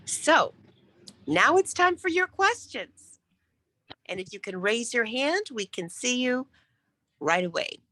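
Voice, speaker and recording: Woman speaking coach, crisp diction, lively swoopy pitch, dry close video call sound. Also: takes it slowly, long pauses, no echo. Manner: crisp, careful enunciation; demonstrates shifts between loud and whispered speech. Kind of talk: online workshop teaching.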